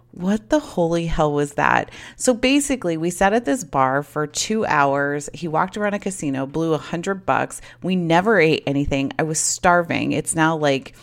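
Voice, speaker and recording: Young woman w a deep-ish raspy fry voice just chatting thru a story, lots of "like". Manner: chatty, acts out quoted dialogue with lots of "like". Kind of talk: casual storytelling.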